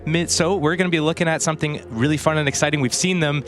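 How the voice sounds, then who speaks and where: A man's voice: a little high, steady tone, fast, fairly bright tone, soft background music. A man giving loose, chatty analysis of an esports match. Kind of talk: casual commentary.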